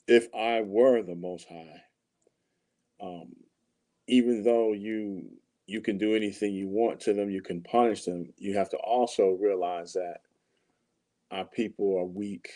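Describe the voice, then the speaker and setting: A man with a somewhat low voice takes part in a relaxed scripture discussion. He speaks in a measured, deliberate way, working through his answer step by step and pausing with ums. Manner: measured and thoughtful, with frequent ums. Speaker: podcast co-host in a scripture discussion.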